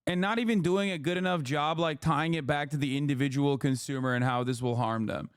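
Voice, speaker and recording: A man's voice: a little high, fairly quick, clear, resonant tone, dry recording, clean studio sound. A man hosting a stream, reacting to clips with sarcastic, profane political commentary. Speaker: streamer host.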